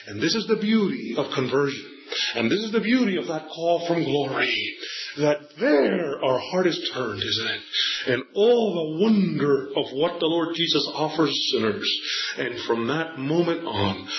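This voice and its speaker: A middle-aged man preaching a sermon, telling a family story with animated delivery and slowing down to stretch out the scripture lines. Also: mid-range voice, crowd noise. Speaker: pastor. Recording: echoey, slightly dull church recording.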